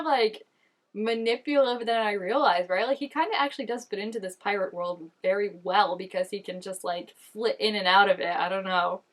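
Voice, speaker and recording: A woman in her twenties giving chatty, animated reaction commentary while watching an episode, with lots of "like" fillers. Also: fairly low pitch. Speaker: reaction channel host.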